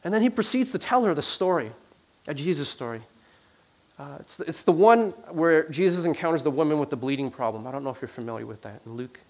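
A man telling a personal story in a sermon. He swings between loud emphasis and hushed, quiet passages, and he often repeats words and restarts his sentences. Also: a little high, lively intonation, fast.

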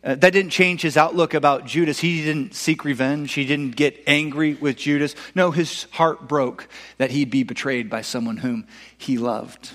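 Male pastor, fairly high voice, earnest sermon, emphatic swells, long hall reverb. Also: steady tone, moderate pace. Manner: earnest, rising to emphatic peaks and dropping to soft, low endings.

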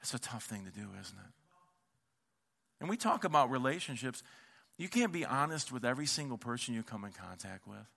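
A man's voice: mid-range voice, very animated, brisk, creaky, pushed and bright. A man preaching a sermon as pastor, telling stories in a casual, conversational way and acting out the voices he quotes. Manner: conversational, with casual slang and repeated words.

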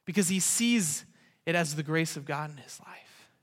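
A pastor with a slightly high voice preaches a sermon at a moderate pace, earnest and conversational, posing rhetorical questions. The long reverb of a large hall surrounds his words.

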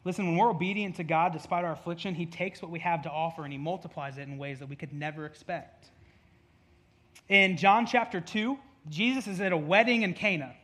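A man's voice: on the high side, fairly quick, bright, forceful tone. A male pastor giving a conversational sermon, with jokey asides and acted-out quotes, in a church.

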